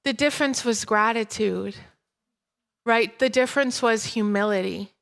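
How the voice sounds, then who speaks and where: A woman in her thirties preaching a sermon and telling a personal story in an animated way. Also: fairly high pitch, moderate pace, vocal fry. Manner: animated storytelling, breaks into laughter.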